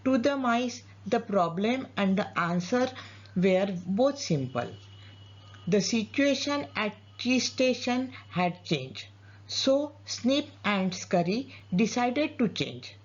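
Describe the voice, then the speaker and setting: A woman narrating a storybook tale in an expressive reading voice, lifting her pitch on dramatic words. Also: takes it slowly, slightly rough, lo-fi sound.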